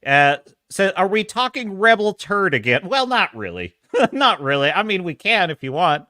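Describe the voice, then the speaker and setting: A man hosts a casual live stream with quite a high voice, sarcastic and full of opinions. His delivery swings up and down as he laughs his way through stories. The sound is close and dry, with no room around it. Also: normal speed, no echo. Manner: animated storytelling with frequent laughs and restarts.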